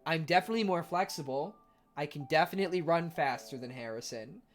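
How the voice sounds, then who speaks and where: A young man chatting casually on his livestream in an animated, rambling way, full of fillers. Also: on the high side, fairly quick, soft background music. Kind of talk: casual stream chat.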